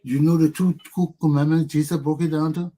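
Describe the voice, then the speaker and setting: Husky-voiced man preaching on a talk show. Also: fairly high pitch, brisk. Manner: preachy, animated, acts out quotes. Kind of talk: casual religious discussion.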